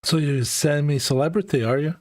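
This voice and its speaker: Man, podcast host, slightly high voice, teasing, laughs often, dry recording. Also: a little fast, darkish tone, no echo. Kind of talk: casual chat.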